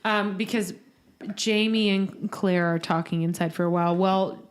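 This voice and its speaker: A woman co-hosting a podcast, casually recapping scenes with quick asides and swearing. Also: mid-range voice, steady tone. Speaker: podcast co-host. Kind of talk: casual chat.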